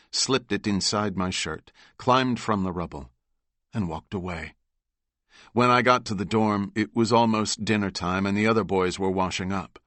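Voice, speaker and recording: A man narrating a novel in the first person, steady and measured. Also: deep voice, no room sound. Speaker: audiobook narrator.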